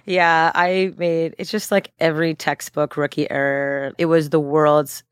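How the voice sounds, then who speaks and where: A woman entrepreneur telling stories in a casual podcast interview, animated, laughing often and speaking in quick bursts. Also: low-pitched, clean tone, no echo, clean studio sound. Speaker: guest entrepreneur.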